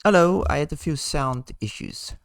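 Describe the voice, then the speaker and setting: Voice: medium pitch, normal speed, dry recording. A channel host relaying viewer questions in casual, hesitant chat. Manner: hesitant, with restarts.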